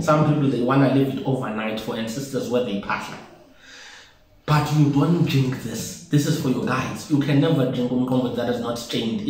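In a very echoey, bare room in a home he has just moved into, a South African traditional healer casually walks through a home brewing process. His voice is mid-range with a darkish tone, and he often repeats his phrases as he shows each step.

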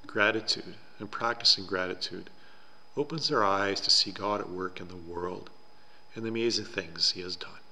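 A man preaching a sermon in a church, telling a story in an earnest, slow and deliberate way. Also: sits low, bright, forceful tone, big-room sound, slight background noise. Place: church sanctuary.

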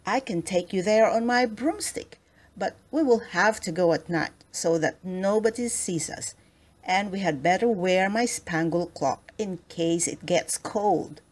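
Kindly storybook witch, reassuring, caring, woman reading the part, slow. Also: mid-range voice, darkish tone, close to an everyday voice. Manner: kind, reassuring.

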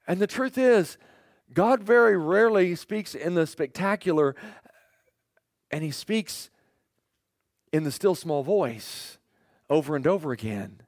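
A middle-aged man preaching a sermon in a somewhat high voice, moving from loud storytelling to hushed lines. He acts out the quoted voices with big pitch jumps. The sound is close and dry, with no room echo. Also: moderate pace. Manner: animated storytelling, voices quotes with sudden pitch jumps and drops to a near whisper. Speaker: pastor.

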